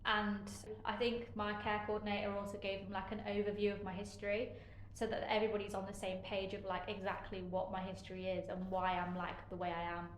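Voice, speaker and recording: A woman giving a candid personal account as an interviewee, frank and halting, with many fillers and a sarcastic edge. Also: medium pitch, completely flat delivery, reverberant, slight background noise, rough recording. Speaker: interviewee sharing care experiences.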